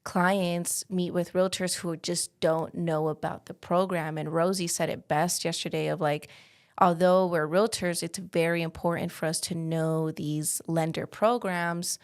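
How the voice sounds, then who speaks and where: Woman realtor, lowish voice w some fry, chatty, says like a lot. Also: steady tone, measured pace. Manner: chatty storytelling with frequent "like" fillers. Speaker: realtor, guest. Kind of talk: casual interview talk.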